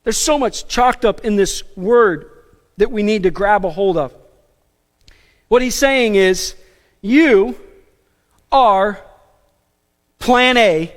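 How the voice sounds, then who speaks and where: A man preaching a sermon as pastor, animated and emphatic, with casual asides and self-deprecating jokes. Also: sits high, big-room sound. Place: church sanctuary.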